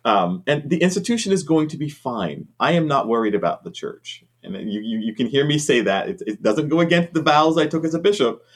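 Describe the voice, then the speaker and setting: A man who is a bishop, answering interview questions in an earnest, conversational way with frequent ums. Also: mid-range voice.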